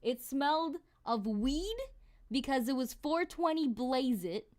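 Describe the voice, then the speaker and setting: Woman streamer, casual chat, unhurried but swoops around a lot, exclamatory. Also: high voice. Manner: animated, exclamatory storytelling.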